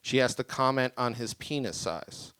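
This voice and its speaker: Rambling deadpan young comic, smooth voice. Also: male voice, mid-range voice, moderate pace, no room sound. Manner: deadpan, rambling, self-deprecating. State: tipsy from drinking. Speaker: stand-up comic. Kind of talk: stand-up comedy set. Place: small creative community venue with live audience.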